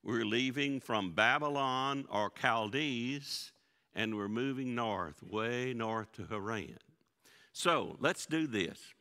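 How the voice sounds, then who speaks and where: In a church sanctuary with long hall reverb, a pastor leads an interactive Bible study for his congregation. His mid-range voice is expressive, slow and sharp-toned, and his folksy style includes frequently asking the group questions.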